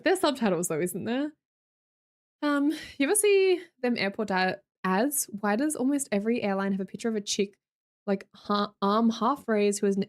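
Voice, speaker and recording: Lively young Australian woman streamer. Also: medium pitch. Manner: chatty, jokey, reads viewer comments aloud. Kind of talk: casual chat with live viewers.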